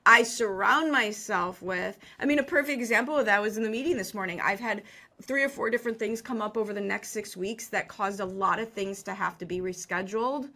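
A middle-aged business coach talks in a lively, self-deprecating way, laughing often during a conversational interview. Her voice is mid-range and a little fast.

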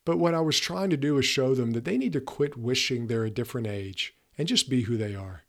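A man's voice: medium pitch, brisk, creaky. A man in his fifties hosting a podcast, giving an earnest, emphatic motivational talk straight to his listeners. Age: 50s. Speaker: podcast host.

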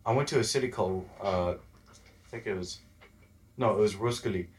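A young man from Texas chatting as an interview guest, telling animated stories and acting out the voices of people he quotes. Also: on the low side, moderate pace. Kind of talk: casual interview chat.

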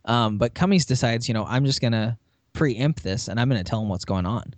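A man's voice: mid-range voice, brisk, no echo. A man co-hosting a podcast, chatty and full of "you know", retelling a TV episode with laughs. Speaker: podcast co-host. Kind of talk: casual chat recapping a TV episode.

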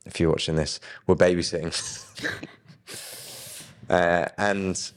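A young man casually telling his personal faith story, with lively quoted dialogue and chuckles. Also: sits low, a little slow, pauses often, big-room sound. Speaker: guest sharing his faith testimony.

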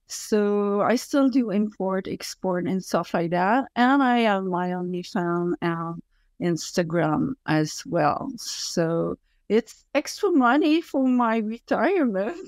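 Speaking English with a French Canadian accent, a woman in her fifties from Quebec City is interviewed casually as a guest, her phrasing deliberate, blunt and emphatic. Her mid-range voice is expressive, recorded without echo.

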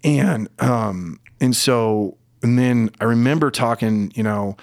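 Middle-aged man, candid storyteller, halting delivery with emotional moments, dry close sound. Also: medium pitch, a little mellow, no echo. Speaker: podcast guest. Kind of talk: personal storytelling in conversation.

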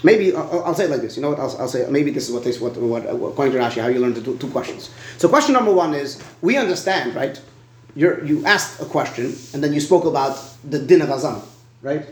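Fast-talking man leading a Talmud study. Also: fairly high pitch. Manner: fast, questioning, repeats words while thinking aloud. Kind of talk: animated Talmud study debate. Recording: echoey room.

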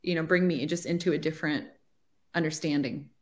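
Speaking briskly in a deep, darkish voice with fairly even intonation, a woman in her forties recounts her story as a ministry leader in an interview. It's a chatty, conversational testimony full of "like," and she acts out her own past thoughts.

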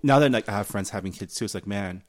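A man co-hosting a podcast, chatting in a relaxed way with lots of fillers and frequent laughs. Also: on the low side, very fast. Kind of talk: casual chat.

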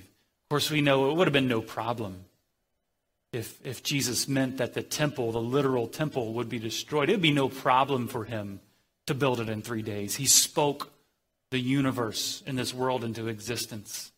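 Earnest bright-voiced male preacher. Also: mid-range voice, measured pace, breathy edge. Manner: earnest, with frequent restarts and dramatic quoted voices. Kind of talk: sermon.

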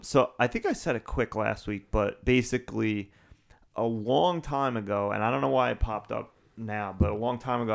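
A man's voice: fairly low pitch, vocal fry. A man co-hosting a casual podcast, rambling through chat and listener emails with lots of fillers. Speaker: podcast co-host.

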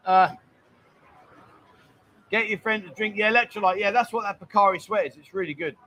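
A man hosts a casual live stream, talking at a fairly high pitch for a man. He chats easily, reads out viewers' greetings and trades banter with his co-host. A faint ambient hum sits behind him. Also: fairly even intonation, brisk, bright, forceful tone. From England.

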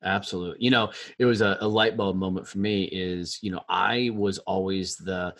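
A man hosting a podcast, blunt and animated, swearing freely as he talks. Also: sits low, moderate pace, no echo. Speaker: podcast host. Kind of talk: casual interview chat.

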